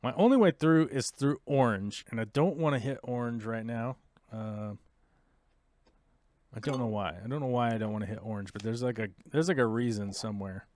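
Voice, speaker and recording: A man's voice: medium pitch, normal speed, a little mellow, no echo. Dry-voiced man thinking aloud over a game. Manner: thinks aloud, wry and sarcastic; explains the game controls to viewers. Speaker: live-stream host. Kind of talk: casual play-by-play while playing a strategy game.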